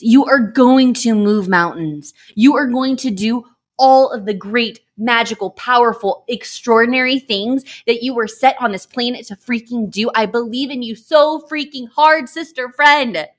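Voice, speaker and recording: A woman's voice: fairly high pitch, a little slow. A woman hosting a motivational podcast, talking in a gushing, emphatic way and swearing for emphasis. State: emotional, near tears. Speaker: podcast host.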